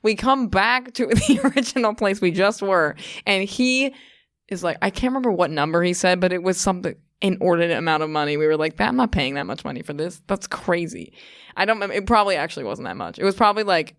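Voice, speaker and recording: A woman's voice: medium pitch, animated, quick pace, no echo, clean studio sound. A young woman guest on a podcast, a comedian telling a long rambling story in casual chat and laughing often. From England.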